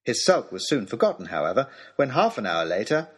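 A man's voice: mid-range voice, sing-song, brisk, slightly rough. A man narrating a humorous storybook letter with dry, wry delivery. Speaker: audiobook narrator.

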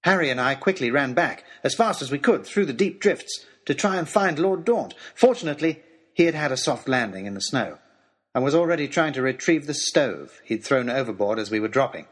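A man telling a storybook adventure in the first person, reading with expressive, dramatic delivery. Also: mid-range voice, brisk, breathy edge. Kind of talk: scripted first-person narration.

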